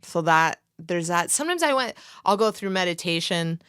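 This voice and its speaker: Woman guest from North Dakota, very low voice, hesitant and halting, dry close sound. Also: animated, a bit bright, clear, resonant tone, dry recording. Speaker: guest musician and producer. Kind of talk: casual podcast conversation.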